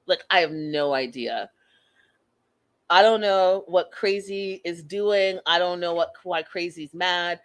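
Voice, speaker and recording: A woman imitating a calm, baffled young man who is fed up, in a flat, exasperated voice. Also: fairly low pitch, takes it slowly, voice pushed down.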